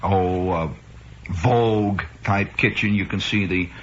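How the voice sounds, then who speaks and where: A man's voice: low-pitched, fairly even intonation, slow, slight background noise. A man in his forties from Chicago, a radio host rambling through a wry, improvised comic monologue. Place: radio studio. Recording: muffled 1960s radio broadcast.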